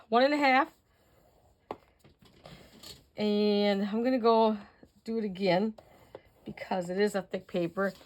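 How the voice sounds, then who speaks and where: A woman's voice: mid-range voice, slight background noise. An older woman hosting a casual crafting tutorial, chatting to viewers as she works and counting out measurements.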